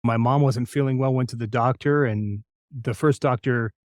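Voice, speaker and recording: A middle-aged man from New Mexico, a voice actor telling lively anecdotes in an interview. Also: medium pitch, normal speed, no echo, clean studio sound. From New Mexico, USA. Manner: lively anecdotal, acts out quoted lines. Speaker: voice actor guest. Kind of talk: interview storytelling.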